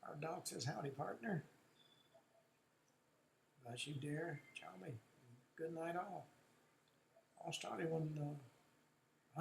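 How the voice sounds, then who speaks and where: A man hosting a radio show, reading strange animal stories aloud, often halting with uh's and restarts. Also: fairly high pitch, vocal fry, reverberant, a little hiss or hum, poor audio.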